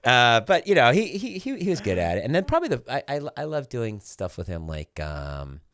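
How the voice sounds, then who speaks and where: A man's voice: mid-range voice, a little fast, slight background noise. A man in his forties, a podcast guest telling stories in casual chat and acting out what others said. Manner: animated storyteller, acts out quotes loudly.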